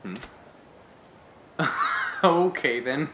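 A man's voice: on the high side, lively intonation, very slow, noisy background. A man giving offhand, casual commentary as the host of a gameplay video. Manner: offhand and swear-prone. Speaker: let's play host. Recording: roomy echo, faint game music.

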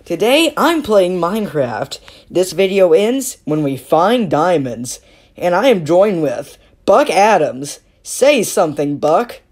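A woman's voice: fairly low pitch, sing-song, slow, a little mellow. A woman giving casual, playful commentary on her own gameplay, teasing and self-mocking and dropping silly sound words as she goes. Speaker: gaming video creator.

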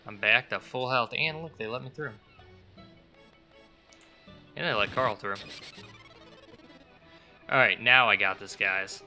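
A man's voice: medium pitch, takes it slowly, pauses often, pushed and bright, faint music behind. A man hosting a let's play, casually reacting and reading game text aloud. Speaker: gaming channel host.

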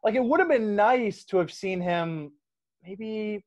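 A man hosting a casual movie discussion, animated, laughing often and trailing off into restarts. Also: high-pitched, a little slow, highs cut off. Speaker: podcast host.

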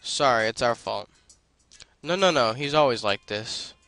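A meek young female mechanic who blames herself, as a man reads her lines. Soft and apologetic, with a bright tone. Quiet game music plays underneath. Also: mid-range voice, expressive, a little slow, dry recording. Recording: faint game music behind.

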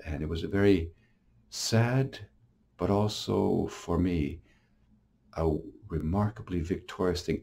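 A priest giving a short homily in a gentle, reflective way, often pausing and restarting phrases, with a Canadian English accent. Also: male voice, deep voice, creaky, breathy edge.

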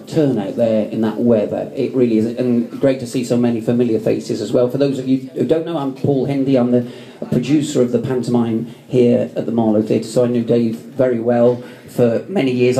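A man's voice: mid-range voice, mellow. A man giving a chatty, joking memorial speech to a crowd in a theatre foyer. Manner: chatty, joking, self-mocking. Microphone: phone camera in the audience.

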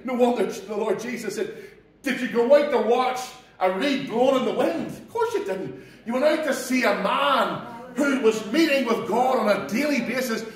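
A man with a Northern Irish accent, a pastor giving an earnest, folksy sermon. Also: extremely high pitch. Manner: earnest, folksy, animated preaching. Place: church. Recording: echoey church from a distance.

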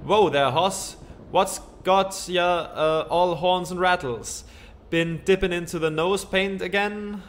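A man's voice: high-pitched, steady tone, slow, pitched above the performer's own voice. A man voicing a folksy Western cowboy sidekick in a game, with a drawl and old frontier slang.

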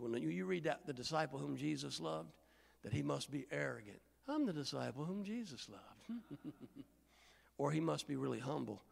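A man's voice: mid-range voice, gravelly, breathy edge, big-room sound. A middle-aged male pastor from Indiana preaching a sermon and telling stories, acting out the voices of the people in them. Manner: animated storytelling, acting out voices. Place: church sanctuary.

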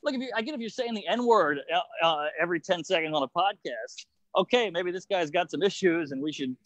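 High-voiced man riffing on a video call. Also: animated, a bit bright, no room sound. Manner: rapid, profane storytelling with mocking put-on quotes. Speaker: guest comedian. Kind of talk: casual podcast chat.

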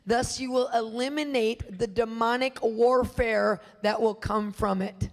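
A woman's voice: fairly high pitch, steady tone, unhurried, in a large hall, faint music behind. A woman minister preaching a sermon, emphatic and full of rhetorical questions to her listeners. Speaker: guest minister teaching.

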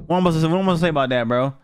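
A man's voice: fairly high pitch, rapid-fire, faint music behind. A young man giving blunt, profane, slang-heavy reactions as he reviews viewer submissions in a casual video.

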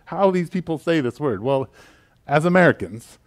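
Chatty Southern pastor preaching. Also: male voice, on the high side, normal speed. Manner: conversational, animated, with fillers and asides. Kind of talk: sermon with opening prayer.

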